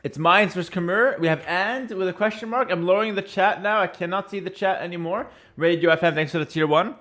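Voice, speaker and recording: A man's voice: high voice, a little fast, pushed and bright. A young man casually commentating a strategy game on a live stream, chatty and joking, thinking aloud with fillers.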